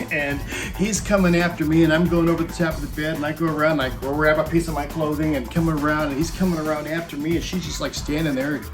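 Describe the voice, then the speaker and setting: A man in his fifties tells a rowdy story in a loose, rambling way and keeps breaking into chuckles. His voice sits a little high for a man. Clear music plays behind him the whole time. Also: steady tone, fast. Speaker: former roadie telling tour stories. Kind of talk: casual comic storytelling. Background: music playing under the voice.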